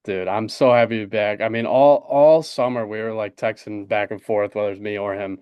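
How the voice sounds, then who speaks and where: A young man in his twenties co-hosting a casual sports podcast, excited and rambling with lots of fillers. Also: on the low side, a little fast, clean tone, no echo, muffled recording. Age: 20s. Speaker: podcast co-host. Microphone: desk podcast mic.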